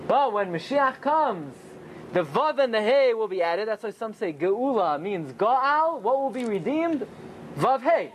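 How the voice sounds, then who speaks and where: A man teaching a Torah class as a rabbi, often asking rhetorical questions and answering them himself, with pitch that swings high and low for emphasis. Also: expressive, measured pace, slight background noise. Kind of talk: Torah class with Talmud study.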